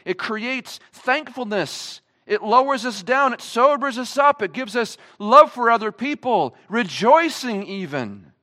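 Man preaching a sermon, high voice, animated swings in pitch, emphatic, rhetorical questions. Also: measured pace, hardly any pauses. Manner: emphatic, asks the congregation many rhetorical questions. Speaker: pastor. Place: church service.

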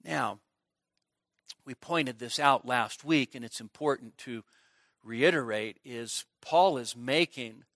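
A man's voice: medium pitch, slow, fairly bright tone, no room sound, studio quality. A male pastor preaching an expository sermon at a midweek church service, talking conversationally and often checking in with the congregation.

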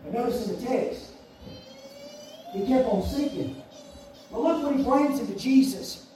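A man preaching a sermon, emphatic and repetitive, swinging between shouts and hushed passages. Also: extremely high pitch, lively intonation, unhurried. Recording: echoey room, voice far from mic, faint hiss.

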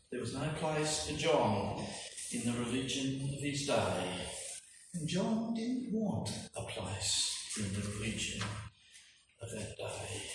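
A man preaching a sermon, emphatic and full of rhetorical questions, with slow, stressed phrases. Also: mid-range voice. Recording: echoey hall from far off, faint noise.

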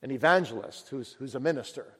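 A male preacher giving a sermon with emphatic questions and dramatic pauses. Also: mid-range voice, expressive, slightly rough. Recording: long echo of a large hall.

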